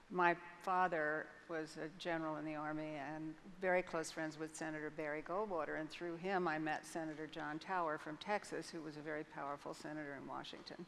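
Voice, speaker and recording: A low-sitting, somewhat bright voice comes from an older woman appearing as an interview guest on a large conference hall stage. She tells a personal story candidly, frank and vivid, with hesitant restarts. The recording has long reverb from the hall and faint noise.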